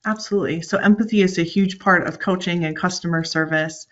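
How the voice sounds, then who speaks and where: Female panelist, team lead, steady explainer, lo-fi call sound. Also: on the low side, fairly quick. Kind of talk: conversational webinar talk.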